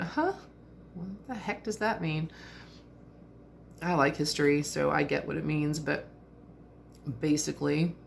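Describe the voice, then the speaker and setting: A woman in her fifties talks to camera in a chatty, reflective way. Her voice sits low with a gravelly edge, and a faint hiss of noise runs behind her. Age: 50s. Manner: chatty and reflective, with frequent fillers and laughs. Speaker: vlogger. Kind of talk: casual reflective monologue.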